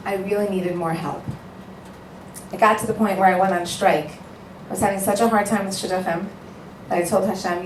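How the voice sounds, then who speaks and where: Woman speaker at an event, emphatic and heartfelt, mid-pitched, light room noise. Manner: emphatic, storytelling, repeats for effect. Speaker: matchmaker giving a speech. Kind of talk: earnest speech to an audience. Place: event hall with a live audience. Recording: echoey hall, voice picked up from a distance.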